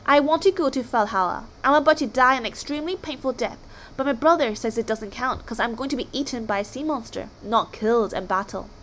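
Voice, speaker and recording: Brief: glum fatalistic young Viking man, read by a woman, bright tone. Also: a little high, fairly quick, lightly acted, poor audio.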